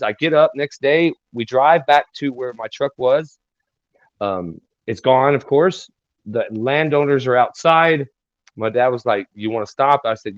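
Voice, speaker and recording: Man, interview guest, rambling halting delivery, flat dead-dry lo-fi audio. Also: medium pitch, dry recording. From Texas. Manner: rambling, halting, many fillers and restarts. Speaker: guest singer-songwriter. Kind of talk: casual storytelling interview. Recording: dry, dull lo-fi sound.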